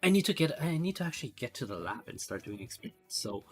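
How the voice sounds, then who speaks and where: A man's voice: fairly high pitch, very animated, rapid-fire, slightly rough, faint music behind. A sleep-deprived man streaming a game, rambling in a mock-professorial way and laughing often. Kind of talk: casual live-stream game commentary.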